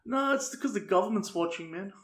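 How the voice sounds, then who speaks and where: Casting: young Aussie podcast co-host, high voice, deadpan crude storyteller, echoey room. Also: male voice, fairly quick. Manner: tells absurd tall tales with a straight face, swears a lot. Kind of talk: crude comedic banter. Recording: roomy echo.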